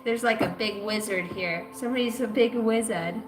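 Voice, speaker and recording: Speaking at a normal speed with a fairly high voice and hardly any pauses, a spiritual reader rambles through a loose reading on a live stream. She is slangy and swears constantly, and music plays behind her in an echoey room.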